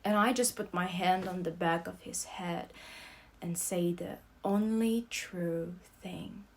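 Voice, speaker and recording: Slow, expressive young woman reading. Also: lowish voice, a little hiss or hum. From Russia. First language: Russian. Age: young adult. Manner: expressive, swings between loud outbursts and soft whispers. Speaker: student reader. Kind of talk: dramatic reading of a novel excerpt.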